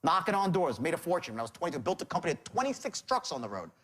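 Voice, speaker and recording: A man's voice: a little high, wildly swooping pitch, very fast, fairly bright tone. A man teaching sales in a seminar lecture, emphatic, quizzing the audience and answering himself. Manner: emphatic, asks the audience questions and answers them. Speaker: sales trainer.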